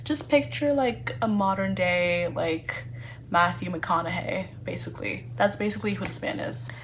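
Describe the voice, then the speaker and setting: A woman chatting casually in a book review vlog, animated and playfully sarcastic, with lots of fillers. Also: fairly low pitch, measured pace, slight background noise.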